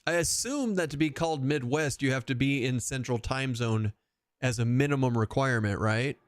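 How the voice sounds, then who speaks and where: A male game streamer talking casually over his gameplay, rambling from thought to thought and cursing freely. He chats straight to his viewers, with a voice of middling pitch. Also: moderate pace, no echo, studio quality. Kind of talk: casual live-stream chat while playing.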